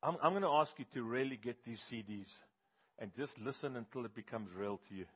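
A man's voice: mid-range voice, fairly quick, fairly bright tone, husky, muffled recording. A man with a South African accent preaching a sermon emphatically and having the congregation repeat words back to him. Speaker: pastor.

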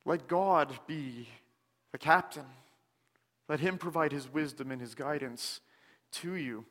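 A man delivers a sermon at a very slow, deliberate pace, with a slightly high-pitched voice. He pauses often and sinks into hushed softness when reading scripture. The sound carries a long reverb from a church sanctuary. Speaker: preacher.

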